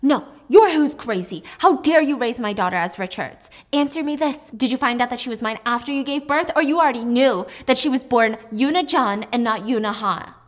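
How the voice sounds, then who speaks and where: A woman's voice: on the high side, a little fast, hardly any pauses, lightly acted. A woman voicing a resentful rich man who confronts his former lover. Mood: accusing. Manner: tense, accusing.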